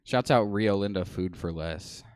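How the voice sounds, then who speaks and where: A man in his twenties doing a deadpan, self-mocking stand-up set on a small comedy stage. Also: on the low side, unhurried, clear, resonant tone. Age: 20s.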